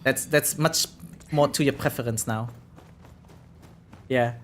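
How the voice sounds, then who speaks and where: A man's voice: medium pitch, steady tone, takes it slowly, fairly bright tone, slight background noise. A German man speaking English with a German accent, chatting casually with viewers while playing a game on stream. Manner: rambling, chatty, frequent "right?" tags. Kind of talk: casual live-stream chat while gaming.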